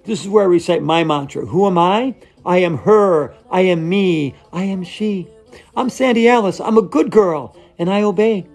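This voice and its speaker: A man playing a gushing high-voiced yoga lady. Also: normal speed, gravelly, a little mellow, faint music behind. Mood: dreamy. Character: over-earnest female yoga instructor, gushing and dreamy. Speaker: yoga instructor. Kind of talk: comic yoga class sketch.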